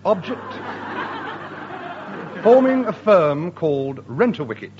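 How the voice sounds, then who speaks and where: A man performing radio sketch comedy with a brisk comic delivery. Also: sits high, sing-song, dull audio, heavy background noise.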